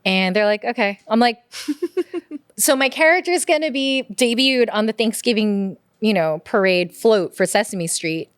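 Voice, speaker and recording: A woman, a puppeteer and podcast guest from the United States, tells family stories in a casual, animated way, laughing often and using lots of "like". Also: fairly high pitch, unhurried, smooth, no echo, clean studio sound. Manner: animated, laughs often, mimics her parents' voices; heavy use of "like" as filler. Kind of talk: casual conversational storytelling.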